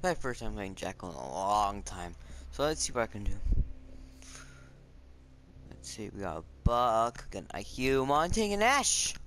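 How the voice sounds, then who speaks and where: A young man chatting casually over his own gameplay, jumpy and quick to yelp when startled. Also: lowish voice, lively intonation, fairly bright tone. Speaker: gamer streaming his match. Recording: noisy game audio behind voice.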